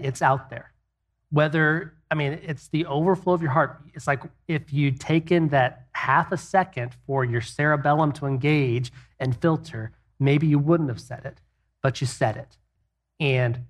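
Earnest middle-aged male co-host, slightly high voice, plainspoken and anecdotal. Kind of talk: casual faith-based marriage talk.

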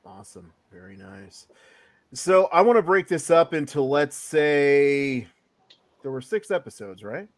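A man's voice: on the high side, big pitch swings, measured pace. A man hosting a podcast, introducing his co-hosts in a hyped announcer style and leading casual chat. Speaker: podcast host.

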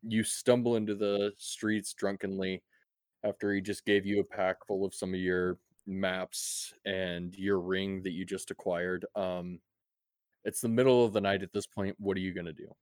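Low-voiced man narrating a tabletop game. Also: level tone, moderate pace, a little mellow, clean tone, no room sound, clean studio sound. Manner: laid-back, profane, with many fillers. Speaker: game master.

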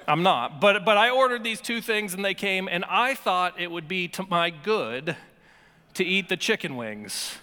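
A man's voice: sits high, animated, normal speed, sharp tone, in a large hall. A male pastor preaching a sermon with emphasis, repeating words and dropping in playful asides.

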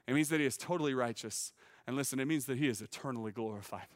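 A man preaching a sermon as teaching pastor, earnest and emphatic, often repeating words as he starts a phrase and rising to loud peaks. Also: medium pitch, fast talker, long reverb tail.

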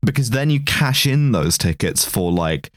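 A man's voice: medium pitch, very animated, normal speed, dry recording, studio quality. A man co-hosting a casual film review chat, rambling and wry with plenty of filler words. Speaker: podcast co-host.

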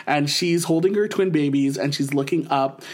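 A man co-hosting a podcast, chatting enthusiastically about a comedy special and jumping into animated voices when quoting jokes. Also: a little high, moderate pace. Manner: animated, quotes jokes in lively put-on voices. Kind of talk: casual enthusiastic chat. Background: married, talks of wife Emily.

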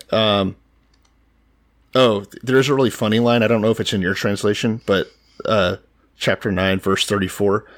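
A man co-hosting a podcast, walking through scripture chapter by chapter in casual chat with wry remarks. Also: medium pitch. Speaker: podcast co-host.

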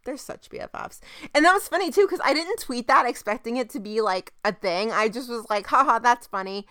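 A woman's voice: on the high side, fairly quick, no echo, studio quality. Chatty woman recapping an episode. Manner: chatty, animated retelling with quoted voices. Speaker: podcast co-host recapping a TV episode. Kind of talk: casual chat.

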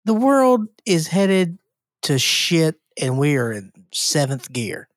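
A man's voice: a little high, big pitch swings, slow pace, no echo, clean studio sound. A man co-hosting a film podcast, who talks casually with emphatic, hyperbolic phrasing. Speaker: podcast co-host. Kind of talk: casual chat.

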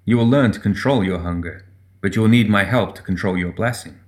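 A man voicing a sly, mocking male demon spirit in a dark storybook reading. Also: fairly low pitch, brisk, close to an everyday voice. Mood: smug. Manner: taunting and smug.

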